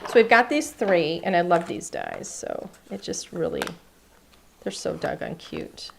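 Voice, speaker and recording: A woman's voice: on the low side, very animated, measured pace, gravelly, slight background noise. A woman hosting a live craft class, chatting enthusiastically and thinking aloud as she works. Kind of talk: live-streamed craft demonstration. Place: craft studio.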